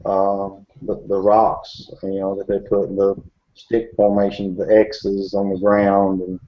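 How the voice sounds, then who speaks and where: Low-voiced man on a dull recording. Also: completely flat delivery, a little slow. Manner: rambling, with many fillers and restarts. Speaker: Bigfoot researcher in a group discussion. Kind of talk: casual chat.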